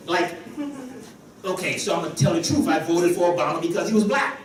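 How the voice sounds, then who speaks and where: Caribbean guy giving a lively conference talk, high voice, big echoey hall. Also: fairly quick, a little hiss or hum. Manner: animated, joking with the audience. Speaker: conference speaker. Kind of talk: motivational business talk. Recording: echoey hall, distant mic.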